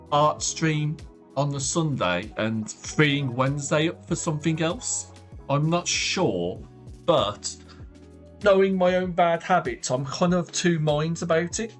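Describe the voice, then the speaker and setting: A man chatting casually on a livestream while he draws, thinking aloud in loose, trailing phrases. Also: a little high. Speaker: art streamer. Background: faint background music.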